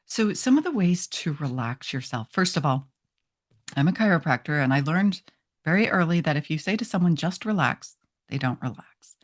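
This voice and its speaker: A woman, a chiropractor, explaining self-hypnosis step by step in a gentle, conversational way, with frequent ums and restarts. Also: deep voice, animated, moderate pace. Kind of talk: instructional talk on self-hypnosis.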